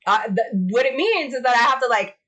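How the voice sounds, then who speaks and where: A woman's voice: fairly high pitch, expressive, a little fast, pushed and bright. A young adult woman streaming live, chatting casually and swearing while she fixes her setup, humming little ditties along the way. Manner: profane, chatty, talks to herself while fiddling with tech; sings little ditties under her breath.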